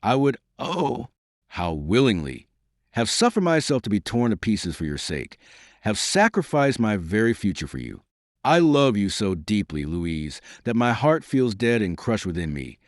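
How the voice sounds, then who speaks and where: A man's voice: on the low side, big pitch swings, a little slow, no room sound, clean studio sound. A man voicing a heartbroken young nobleman who speaks with grave, earnest dignity in an audiobook.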